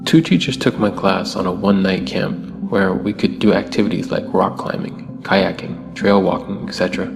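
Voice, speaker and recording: A man narrating a horror story with a low, gravelly voice. He keeps a calm, even pace through the telling. A long reverb tail and faint music hang behind him. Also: moderate pace, few pauses. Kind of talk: scripted narration.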